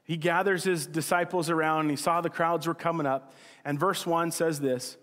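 A male pastor giving a casual, joking sermon, with quick acted-out asides. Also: a little high, fairly even intonation, fairly bright tone. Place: church hall. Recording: church hall with long reverb.

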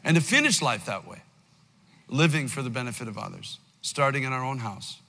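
A man in his sixties preaching a sermon as pastor, with passionate swings between loud climaxes and quiet pleading. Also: mid-range voice, expressive, brisk, long reverb tail. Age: 60s. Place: large church hall.

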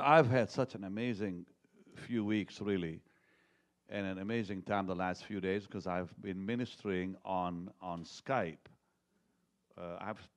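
A man in his sixties preaching a sermon, telling a personal story in a conversational way, with loud jokes that drop to hushed, quiet moments. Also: fairly low pitch. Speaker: pastor.

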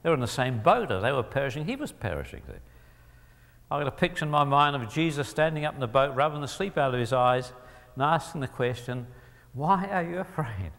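Male Bible teacher, mid-pitched and gravelly; emphatic lecture delivery, frequent throat-clearing. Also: animated, fast, a bit bright. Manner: emphatic, asks the audience rhetorical questions. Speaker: Christian teacher. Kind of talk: lecture-style teaching talk. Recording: long hall reverb.

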